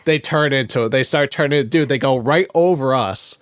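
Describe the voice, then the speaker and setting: A man from Massachusetts telling a story as a podcast co-host, animated and swearing freely, full of "dude" and "like.". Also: medium pitch, moderate pace, smooth. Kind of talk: casual storytelling chat.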